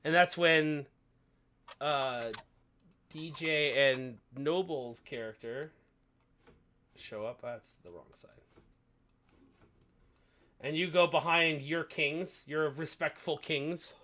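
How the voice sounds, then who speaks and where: A man narrating a tabletop game as game master, halting with frequent fillers and restarts. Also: on the high side, bright, forceful tone, a little hiss or hum.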